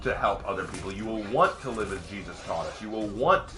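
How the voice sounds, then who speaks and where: A man streaming live, casually answering viewer questions at length, sometimes ranting with rising excitement and sometimes explaining earnestly with restarts. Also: on the low side, a little fast, over music. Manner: rants with rising, excited emphasis.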